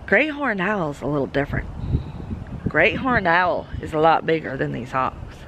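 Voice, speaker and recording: A woman's voice: deep voice, animated, moderate pace, background noise. A woman with a Southern American accent talking casually to camera outdoors on her homestead, musing worriedly and cooing to her goats. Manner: worried and musing, then doting baby talk to goats. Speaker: homesteading vlogger. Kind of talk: casual vlog talk to camera and animals. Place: outdoors on a farm with animals. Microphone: camera mic on a tripod.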